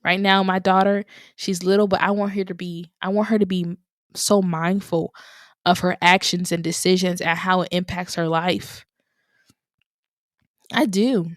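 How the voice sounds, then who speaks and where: A woman's voice: on the low side, steady tone, measured pace, no room sound, studio quality. A young woman hosting a podcast on her own, talking in an encouraging way and repeating phrases for emphasis. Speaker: podcast host. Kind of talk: motivational solo podcast talk.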